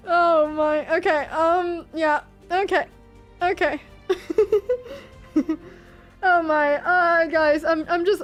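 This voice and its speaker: A young woman streaming chess, chatting casually and laughing often at her own guesses. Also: high voice. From Sweden. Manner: giggly and self-mocking, laughs often. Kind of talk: casual commentary over online games.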